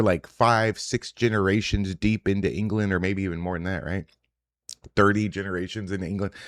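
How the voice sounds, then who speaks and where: Deep-voiced blunt profane man. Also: dry recording, studio quality. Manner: blunt, profane, rambling with restarts. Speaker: show host reacting to social media posts. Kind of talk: casual live reaction commentary.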